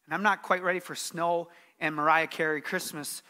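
A man's voice: a little high, fairly even intonation, normal speed, pushed and bright. A middle-aged man preaching a sermon as pastor, earnest and emphatic, repeating his key phrases.

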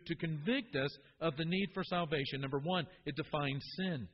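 A man's voice: a little high, normal speed, hardly any pauses, big-room sound, dull audio, a little hiss or hum. A man preaching a sermon, earnest, often repeating words as he builds to a point.

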